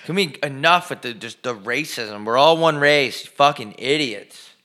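A man co-hosting a podcast with a bright, forceful voice. He rants in fast, profane bursts and sounds a bit out of breath. He talks casually from his living room. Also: mid-range voice, expressive. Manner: profane, ranting, fast and emphatic. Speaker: podcast co-host.

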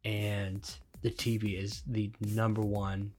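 A man in his thirties co-hosting a relaxed podcast, his voice sitting a little low. He talks in a casual, joking way, chatting with his co-host. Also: takes it slowly, music in the background. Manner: joking, conversational. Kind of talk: casual chat.

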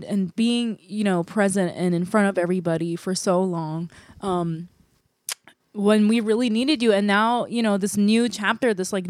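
A woman co-hosting a podcast, rambling warmly and near tears as she talks. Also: medium pitch, no room sound, clean studio sound. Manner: tearful, rambling, self-deprecating. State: close to tears. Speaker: podcast co-host. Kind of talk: emotional casual chat.

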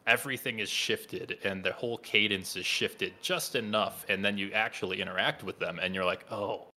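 A man's voice: lowish voice, fairly even intonation, brisk, bright, forceful tone, slight background noise. A man chatting casually on a podcast, telling wry, rambling stories. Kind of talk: casual chat.

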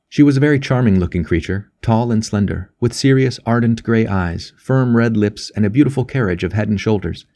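Male audiobook narrator, low and mellow, measured delivery. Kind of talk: scripted narration.

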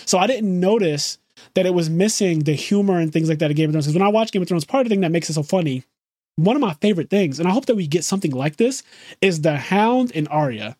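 A young adult man chatting casually as podcast co-host, animated and profane. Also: sits high, fast talker, no echo. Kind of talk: casual chat.

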